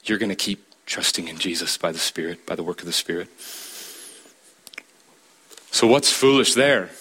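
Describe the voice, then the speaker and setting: A man's voice: lively intonation, normal speed, long pauses, a bit bright, husky. A man preaching a sermon, stressing his points emphatically and asking the listeners direct questions. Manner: emphatic, rising to a high pitch to stress points.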